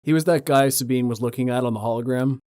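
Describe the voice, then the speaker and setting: A man's voice: mid-range voice, fast talker, a little mellow, clear, resonant tone, dry recording. Enthusiastic man, dry close sound. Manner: agreeable, enthusiastic. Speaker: podcast co-host. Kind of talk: casual chat.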